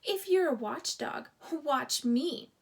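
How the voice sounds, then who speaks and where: Little storybook mouse voiced by a woman: squeaky, jumpy, high and gravelly. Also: lively intonation, slow pace, exaggerated voice. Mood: cocky. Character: small nervous cocky male mouse.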